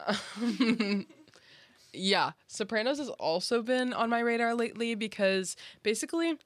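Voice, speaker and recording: A woman's voice: fairly high pitch, expressive, unhurried, no room sound. A young woman hosting a casual podcast chat, rambling through stories with lots of "like" and laughter. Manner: rambling storyteller, chatty and laughing. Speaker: podcast host.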